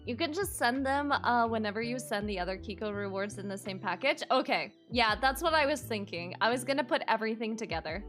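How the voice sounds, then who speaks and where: A woman streamer chatting live with her viewers, excitable and fond of cutesy minced oaths. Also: on the high side, normal speed, faint music behind.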